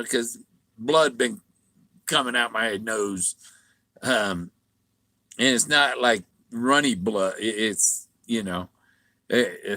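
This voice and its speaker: A man's voice: mid-range voice, sharp tone, no echo. A man rambling through a casual monologue, stumbling and repeating words, sometimes mimicking other voices. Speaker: vlogger.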